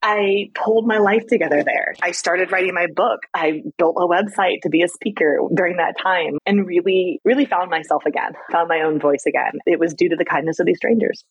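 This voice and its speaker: A middle-aged woman, a podcast guest, telling personal stories in a candid, animated way, laughing often. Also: lowish voice, a little fast, few pauses, breathy edge, dry recording, muffled recording. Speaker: podcast guest, stress expert. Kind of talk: candid conversational storytelling.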